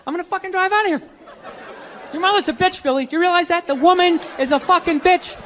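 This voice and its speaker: A comedian acting out his angry, cursing father, ranting and yelling on a live stand-up stage with audience noise. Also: extremely high pitch, quick pace, a faint crowd, pitched above the performer's own voice. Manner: yelling, cursing, grumbling tirade. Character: angry bitter middle-aged father, ranting.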